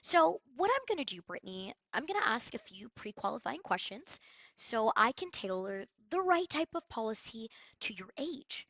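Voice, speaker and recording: A woman sales coach giving an energetic, emphatic training talk on sales calls, with role-play, on a headset. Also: fairly high pitch, moderate pace, no echo, highs cut off.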